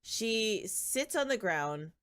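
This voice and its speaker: A woman's voice: a little high, very animated, slow, fairly bright tone, clean tone. A woman casually recapping a soap drama for her channel, chatty and sardonic, often laughing. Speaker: channel host.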